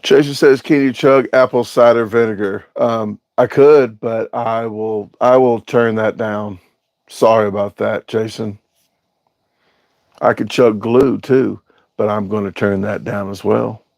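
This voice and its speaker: A man's voice: fairly low pitch, steady tone, unhurried, creaky, a little mellow, dry recording, rough recording. A man hosting a casual livestream, rambling and joking as he reads viewer comments aloud and answers them. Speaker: livestream host reading chat.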